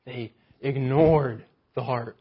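A man's voice: mid-range voice, slow, breathy edge, lo-fi sound. A man preaching a sermon with animation, often acting out mocking voices of the people he describes.

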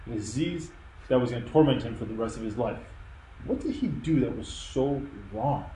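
A man's voice: medium pitch, animated, moderate pace, dark tone, echoey room, a little hiss or hum, low-quality recording. A man preaching a sermon, earnest and emphatic in a conversational way. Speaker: pastor. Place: church.

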